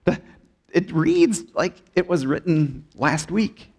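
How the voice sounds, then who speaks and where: A male pastor delivering a sermon in a church, asking the congregation questions and drawing them into call-and-response, sometimes dropping low and soft for emphasis. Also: slow pace, husky. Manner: expressive preaching, dips low and soft for emphasis. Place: church sanctuary.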